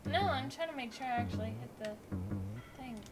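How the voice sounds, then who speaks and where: A woman playing the game in a let's play, casual chat, exasperated and quick to protest. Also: sits high. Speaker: let's play co-host, player. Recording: loud game music under voice.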